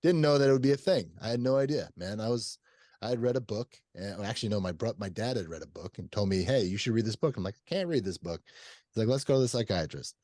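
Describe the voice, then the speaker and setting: A man hosting an interview podcast, telling a long personal story in a rambling, animated way, laughing and swearing as he goes. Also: fairly low pitch, fast talker, no echo. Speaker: podcast host. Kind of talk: casual interview chat.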